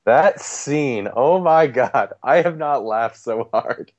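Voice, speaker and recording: A man's voice: medium pitch, lively intonation, a little mellow, no echo. A man co-hosting a podcast, chatting casually about movies, agreeing often and laughing easily. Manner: agreeable, quick laughs, frequent "yeah". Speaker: podcast co-host. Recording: dry, dull lo-fi mic.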